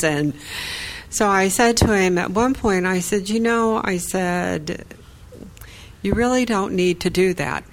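A woman's voice: fairly low pitch, unhurried, rough recording. A woman caller on a Christian talk show, telling a personal story about church and quoting the people she spoke with. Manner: chatty storyteller, quoting herself and others.

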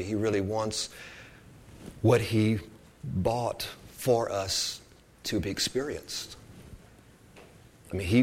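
A man's voice: on the low side, breathy edge. A man preaching an informal sermon, earnest and rambling, often repeating words as he goes.

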